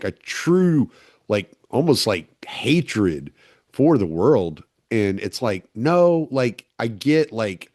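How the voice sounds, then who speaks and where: A man hosting a relaxed conversation, rambling with lots of filler words. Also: lowish voice, no echo, studio quality. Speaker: podcast host. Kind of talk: casual conversation.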